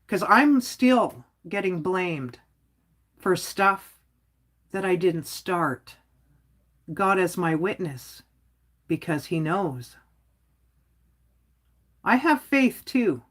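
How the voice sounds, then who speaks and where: A woman's voice: fairly low pitch, big pitch swings, drawn-out words, pauses often. A woman hosting her own livestream, talking casually and bluntly, rambling with lots of "like" and chuckling as she goes. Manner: outspoken, rambling, frequent "like". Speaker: livestream host.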